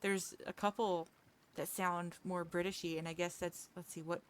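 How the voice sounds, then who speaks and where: A woman's voice: lowish voice, level tone, normal speed. A woman chatting casually with viewers during a game livestream, rambling, restarting her sentences and laughing easily. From United States. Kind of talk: casual chat with viewers while gaming.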